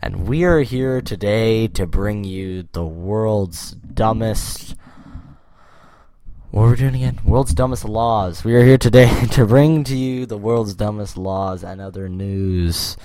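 A man's voice: on the low side, slow pace, dark tone, a little hiss or hum. A man from Canada co-hosting a podcast in a playful, rambling, casual comedic chat. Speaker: podcast co-host.

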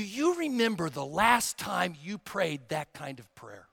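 A male pastor preaching a sermon, emphatic and dramatic, dropping to a hush and then rising to a shout. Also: high voice, big pitch swings, measured pace, creaky, few pauses, big-room sound. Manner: emphatic, swinging from hushed to shouting.

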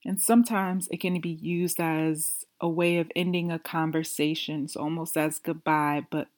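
A woman teaching a podcast language lesson, saying each phrase twice slowly and deliberately before explaining it. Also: deep voice, fairly even intonation, a little mellow.

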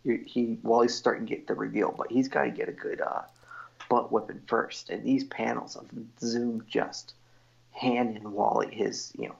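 A man's voice: mid-range voice, level tone, moderate pace, vocal fry. A man co-hosting a casual podcast chat, walking through comic book panels and quoting the characters. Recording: dull lo-fi audio.

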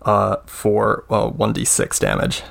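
A man acting as game master, narrating a tabletop role-playing game in a relaxed way full of "like" and "uh". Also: lowish voice, slow, vocal fry, slight background noise. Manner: relaxed, filler-heavy narration with many "like" and "uh".

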